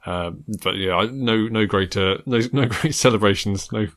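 A man from England in casual chat, enthusiastic and jokey, teasing his friend. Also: lowish voice. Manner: enthusiastic, jokey, quick to tease. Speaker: podcast co-host.

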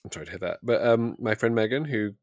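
A man's voice: fairly low pitch, expressive, quick pace, darkish tone, no room sound, clean studio sound. Wry, teasing man. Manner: wry, teasing, arch understatement. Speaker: podcast co-host. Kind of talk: casual chat.

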